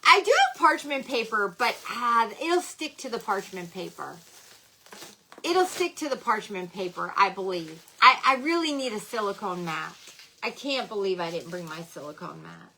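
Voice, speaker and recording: A woman's voice: mid-range voice, sing-song, moderate pace, bright, forceful tone, a little hiss or hum. A middle-aged woman hosting a casual crafting livestream from home, chatting about her supplies, scolding herself for forgetting things and greeting viewers by name.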